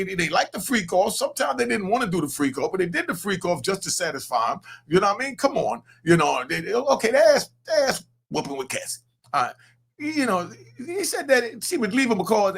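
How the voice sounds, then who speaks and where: Gravelly, high-voiced, fired-up man. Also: very animated, brisk, a bit bright. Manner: blunt, profane street talk, fired up. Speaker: podcast host. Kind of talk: casual opinionated commentary.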